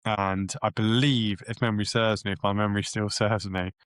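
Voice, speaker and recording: Rambling, low-voiced male podcast storyteller. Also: moderate pace, dry recording. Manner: rambling, animated storyteller with many restarts. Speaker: podcast co-host. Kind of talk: casual chat.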